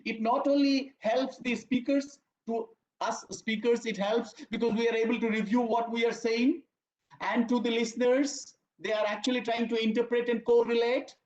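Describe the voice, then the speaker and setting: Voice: medium pitch, fairly even intonation, normal speed, darkish tone, a little hiss or hum. A lecturer gives an online talk to teachers. The lecturer stresses words firmly, often checks in with the audience, and calls them dear friends. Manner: emphatic, checks in with "fine?", addresses "my dear friends". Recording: roomy, dull lo-fi online audio.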